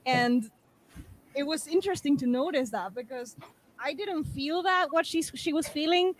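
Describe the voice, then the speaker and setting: A woman, a native Spanish speaker, chatting casually on a podcast, animated and laughing, often repeating words. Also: high-pitched, normal speed, poor audio. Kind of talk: casual chat.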